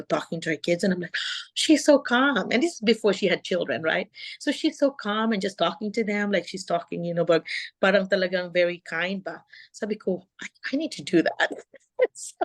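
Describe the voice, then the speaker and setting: A middle-aged woman, coaching teachers on a video call and acting out a calm classroom voice. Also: fairly low pitch. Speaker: host and teacher mentor.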